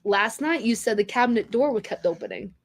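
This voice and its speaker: A woman's voice: fairly high pitch, animated, fairly quick. A young woman co-hosting a casual podcast, telling a long story in a rambling way with lots of fillers and restarts. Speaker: podcast co-host. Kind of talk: casual chat.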